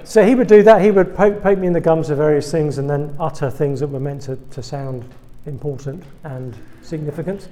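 A man's voice: fairly high pitch, a little fast, hardly any pauses, mellow. A man from England with an English accent, a guest preacher giving a humorous sermon to students, full of self-deprecating, wry asides.

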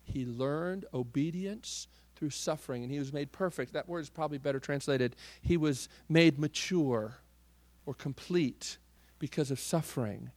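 A man preaching a sermon, swinging from loud, forceful declarations to hushed, near-whispered lines. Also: fairly high pitch, normal speed, dry recording. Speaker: pastor.

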